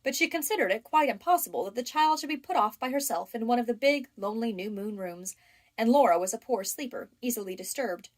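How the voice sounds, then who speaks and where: A woman narrating a classic novel as an audiobook reader, in a measured, even storytelling manner. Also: on the high side.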